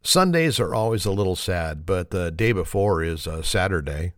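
A man's voice: low voice, animated, normal speed, no echo, studio quality. A man telling corny one-liners and a long shaggy-dog joke, laughing at his own punchlines and apologizing for them. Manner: self-deprecating. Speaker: joke teller.

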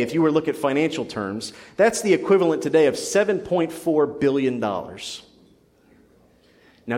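A man's voice: mid-range voice, big-room sound. A young adult man preaching a sermon in a church, earnest and building to emphatic passion. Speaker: pastor. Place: church sanctuary.

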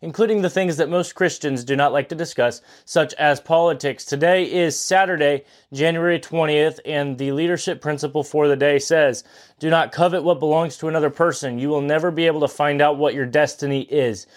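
A man's voice: on the high side, fairly even intonation, brisk. Earnest young man pleading on a podcast. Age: 20s. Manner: earnest, pleading, repeats himself for emphasis. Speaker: podcast host. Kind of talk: impassioned political monologue.

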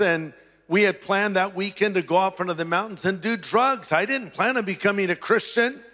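A man's voice: sits high, bright, forceful tone, in a large hall. A male pastor sharing a personal testimony as a sermon, acting out the voices of people in his story.

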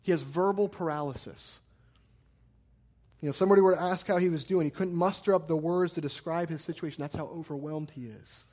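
Speaking slightly fast, this thirty-something pastor has a somewhat high voice with a darkish tone. His sermon is earnest, full of emphatic repeated words and storytelling asides as he builds his point.

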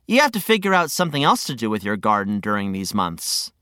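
A woman voicing a friendly, patient male guide who gently explains things. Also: very deep voice, big pitch swings, brisk, dry recording, studio quality, voice pushed down, exaggerated voice. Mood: gentle.

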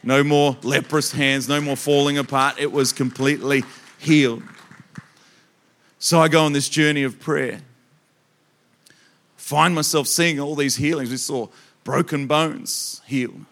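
A man preaching to a church congregation, telling animated stories that he acts out with loud bursts of emphasis. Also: mid-range voice, a little slow, pauses often. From Australia. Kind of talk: storytelling sermon.

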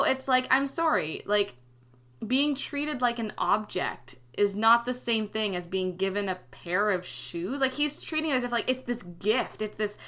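A woman's voice: fairly high pitch, bright, forceful tone. A woman guest on a discussion podcast, speaking emphatically with dry sarcasm and frequent "like"s. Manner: emphatic, sarcastic, many "like" fillers.

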